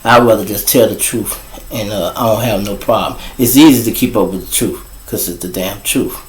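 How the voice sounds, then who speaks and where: A man telling casual, profane street stories as host, animated and swearing freely. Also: brisk, echoey room, slight background noise, low-quality recording. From Chicago. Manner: animated, profane, jumps to high voices for quoted people. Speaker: storyteller host.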